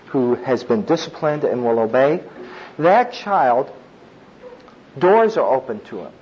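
This sermon about child discipline comes from a middle-aged preacher with a somewhat high, slightly mellow voice who chats his way through it, adding asides and chuckles. The sound is lo-fi with a little hiss or hum.

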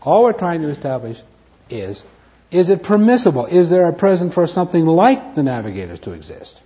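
A man's voice: fairly high pitch, big pitch swings, fairly quick, dark tone. A man teaching a Bible study lecture, stressing key words, repeating them and asking and answering his own questions. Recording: dull lo-fi recording.

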